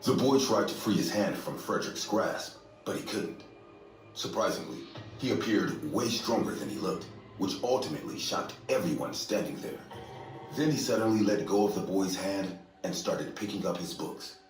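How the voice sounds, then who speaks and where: A man narrating a scripted horror story in a steady, measured way. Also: sits low. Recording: echoey distant room, faint music.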